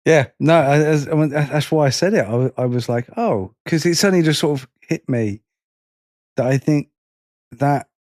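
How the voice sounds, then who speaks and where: Blunt man, halting, swearing. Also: a little high, a little mellow, no echo, studio quality. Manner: halting, repeats words, swears freely. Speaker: podcast co-host. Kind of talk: casual podcast chat.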